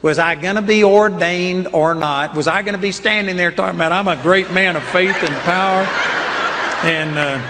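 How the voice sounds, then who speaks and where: Older male preacher, high and echoing. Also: normal speed, very noisy. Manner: earnest, emphatic storytelling. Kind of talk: sermon with personal stories. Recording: long hall reverb.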